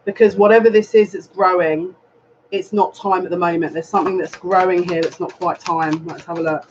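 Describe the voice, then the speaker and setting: High-voiced man giving a tarot reading. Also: steady tone, a little fast. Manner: earnest, repetitive, advising directly. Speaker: psychic reader. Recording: dull lo-fi sound with faint noise.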